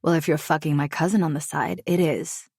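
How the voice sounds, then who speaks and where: A woman's voice: deep voice, steady tone, brisk, creaky, a little mellow, husky, dry recording, studio quality, exaggerated voice. A woman reading a curt, brooding man. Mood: annoyed. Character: brooding commanding man, jealous.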